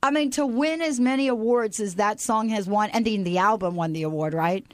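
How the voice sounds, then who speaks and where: A woman hosting an inspirational radio talk show, animated and playful, breaking into bits of song. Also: mid-range voice, fairly quick, dry recording. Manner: animated, playful, sings snatches of songs.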